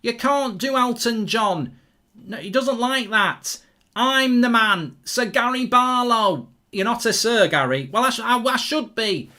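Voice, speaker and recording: A man doing an impression of a boastful, self-important male pop singer, drawling slowly. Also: extremely high pitch, expressive, bright, forceful tone, pitched above the performer's own voice, heavily acted.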